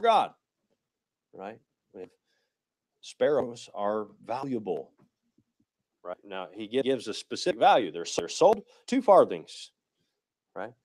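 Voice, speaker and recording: A man's voice: on the low side, very animated, takes it slowly, long pauses, a little mellow, no echo, rough recording. A male pastor giving a casual, conversational sermon, with many restarts and a habit of asking "right?".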